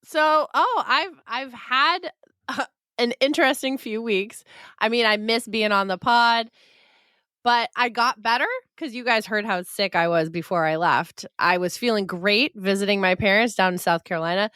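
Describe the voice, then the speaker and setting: A giggly, animated woman co-hosts a running podcast in relaxed chat, laughing often. A head cold leaves her voice a little nasal, and the sound is dry and close. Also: fairly high pitch, moderate pace, clear, resonant tone, dry recording. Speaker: podcast co-host. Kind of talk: casual chat.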